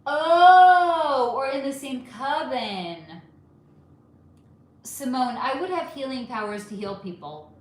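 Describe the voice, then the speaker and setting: A woman's voice: on the high side, very animated, measured pace, long pauses. A woman hosting a casual livestream, chatting animatedly and answering viewer comments one by one. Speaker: livestream host reading chat. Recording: echoey room.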